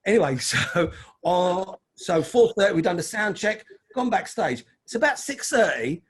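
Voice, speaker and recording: A middle-aged Londoner guesting on an interview, spinning casual stories in a chatty way and calling the host "mate." His voice sits high with big pitch swings, a breathy edge, and a normal speaking speed.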